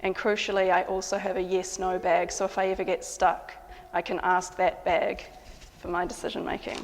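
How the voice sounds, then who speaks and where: A woman composer and sound artist narrating in a calm, measured, matter-of-fact way. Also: on the low side, long reverb tail, a little hiss or hum. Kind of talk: reflective spoken narration.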